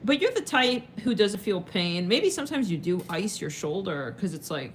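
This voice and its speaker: Woman tarot reader, low-pitched, loose and rambling, slangy and a bit profane. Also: big pitch swings, fairly quick, hardly any pauses, a little hiss or hum. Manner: rambling and slangy, heavy on fillers, swears casually. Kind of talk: casual channeled tarot reading.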